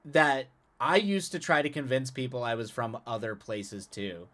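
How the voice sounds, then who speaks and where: Guy on a live stream just chatting w/ chat, mid-pitched voice, laughs a lot, trips over his words and restarts. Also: normal speed, a bit bright. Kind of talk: casual chat with stream viewers.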